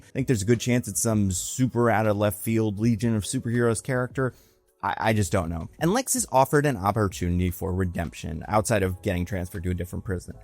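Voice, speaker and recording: A young man with a fairly low voice talks through a TV episode in a loose, chatty commentary, jumping into big comic voices whenever he quotes someone. His voice sounds dry and close, with faint music playing quietly underneath. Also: no room sound. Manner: chatty and conversational, swings into exaggerated voices when quoting characters. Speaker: online film and TV commentator. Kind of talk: casual episode breakdown commentary.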